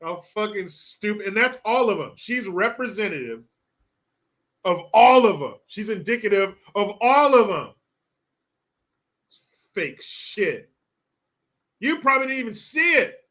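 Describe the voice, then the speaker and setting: A man with a bright, fairly high voice that swings widely in pitch hosts a casual commentary stream. He reads out viewer messages and then mocks and swears at his targets. He talks at an unhurried pace. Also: big pitch swings. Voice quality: mocking, swearing, breaks into laughter.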